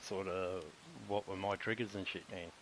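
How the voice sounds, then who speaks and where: A man's voice: low voice, level tone, normal speed, a bit bright, slight background noise, low-quality recording. A middle-aged man with an Australian accent, talking bluntly and profanely in a casual rambling monologue on a live stream. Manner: blunt and profane, retelling conversations.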